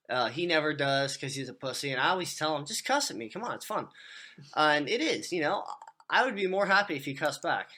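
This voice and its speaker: A man's voice: fairly high pitch, pushed and bright. A man co-hosting a podcast, chatting casually, swearing often and telling rambling stories. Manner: profane, rambling storyteller; acts out voices in his stories. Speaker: podcast co-host.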